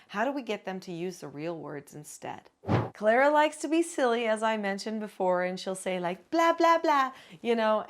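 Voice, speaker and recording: A woman working as a parenting educator and author, calmly explaining parenting skills step by step in an advice video. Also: medium pitch. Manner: calm, instructive, explains step by step.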